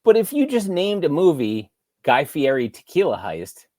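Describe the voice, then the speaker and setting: A man's voice: fairly high pitch, wildly swooping pitch, moderate pace, darkish tone, no room sound, studio quality. A man co-hosting a podcast, chatting casually and tossing in wry asides. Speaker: podcast co-host. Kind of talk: casual chat.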